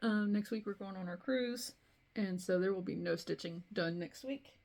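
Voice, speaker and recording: Brief: middle-aged woman, casual craft-channel host, lively storyteller, gravelly texture. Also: medium pitch, normal speed. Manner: chatty, animated storytelling with laughs. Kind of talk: casual chat to camera.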